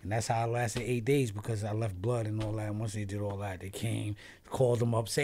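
Animated New man telling a story. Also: lowish voice, fairly quick, hardly any pauses. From New York. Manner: animated storyteller who acts out quoted voices, swears freely; trails off and restarts mid-sentence. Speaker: podcast guest. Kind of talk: casual storytelling interview.

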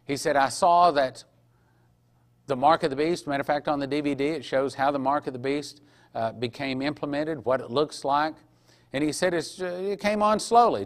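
A man preaching a sermon, earnestly retelling a vision, sometimes dropping to a hushed voice and sometimes rising to emphatic preaching. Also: fairly high pitch. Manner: earnest, drops to a hushed voice for solemn moments; rises to emphatic preaching on scripture. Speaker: pastor.

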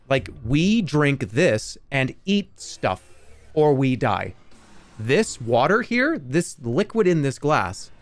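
A man streaming live, chatting casually in a rambling, jokey way that trails off into mumbled asides. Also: fairly high pitch.

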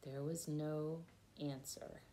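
A woman's voice: low-pitched, little pitch movement, slow, warm tone. A woman reading a picture book aloud to children and stopping to explain the meaning of words. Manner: patient, explains words to young listeners. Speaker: storyteller for children. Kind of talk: children's read-aloud with word lessons.

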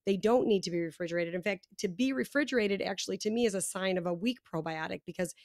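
Animated woman guest on a dry mic. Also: mid-range voice, quick pace, dry recording. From United States. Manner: animated, explanatory, with fillers. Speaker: podcast guest, probiotic company founder. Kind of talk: casual interview chat.

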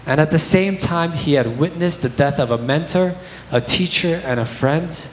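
A man's voice: on the high side, normal speed. Young male preacher, candid storytelling sermon, roomy church echo, faint noise. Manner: candid, conversational storytelling with fillers. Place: church sanctuary.

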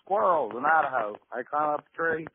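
A man's voice: fairly high pitch, animated, fairly quick, breathy edge, heavily acted. A man voicing an irate, stubborn Mississippi caller with a Southern accent who rambles and cusses. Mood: indignant. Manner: blustering, cussing, rambling. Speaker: prank caller. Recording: tinny phone line with faint hiss.

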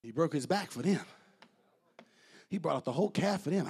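A man preaching a sermon as pastor, swinging between loud high bursts and quiet, low asides. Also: lively intonation, a little fast, breathy edge.

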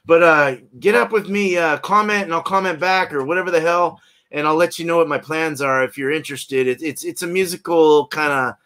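A laid-back man hosting a casual beer review livestream from his house. His voice is bright and forceful and sits a little high, and he rambles, laughs often and calls out to viewers by name. The talk is loose and unscripted, with plenty of restarts. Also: fairly quick. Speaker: host of a live beer review stream. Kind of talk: casual live-stream chat. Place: at home, indoors.

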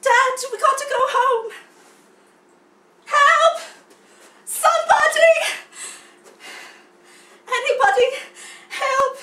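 A woman voicing a panicked young male lion cub who shouts frantically, heard from afar in an echoey room. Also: extremely high pitch, unhurried, voice pushed up, heavily acted. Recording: roomy echo, far from the mic.

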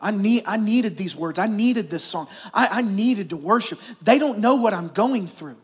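A middle-aged man, a pastor preaching a sermon, animated at times and then dropping to soft, hushed stretches. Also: high-pitched, normal speed, breathy edge.

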